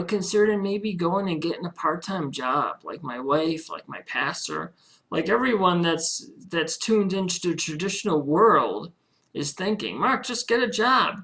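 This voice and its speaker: Earnest rambling man with a gravelly voice. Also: fairly high pitch, a bit bright. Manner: earnest, rambling, many "you know" fillers; heartfelt, religious. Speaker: home-business internet marketer. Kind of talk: personal video diary.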